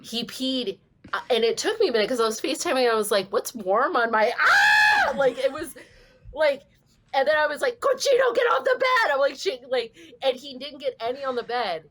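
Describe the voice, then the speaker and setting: A woman comedian, a podcast guest, chatting casually and telling animated stories with casual swearing. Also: high-pitched, fairly quick, shouting.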